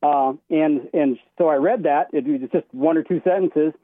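A man on a tinny phone line, a little higher-voiced than most, rambles through a story in a casual phone-in call. He keeps restarting his sentences. The sound is dry and close. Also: normal speed, no room sound. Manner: rambling, many restarts, vivid retelling. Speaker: caller.

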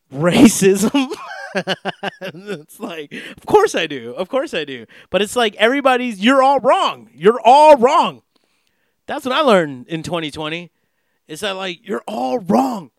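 A man's voice: on the high side, a bit bright, clean tone, no echo, clean studio sound. A young man from the Los Angeles area talking in a casual, rambling monologue, profane and full of fillers and restarts. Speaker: podcast host.

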